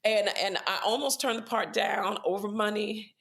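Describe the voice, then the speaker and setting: A woman's voice: mid-range voice, normal speed. A middle-aged woman, an actress, telling stories casually and animatedly, acting out the voices of the people in them. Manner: animated, acts out voices in her anecdotes. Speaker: actress guest. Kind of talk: casual conversational storytelling.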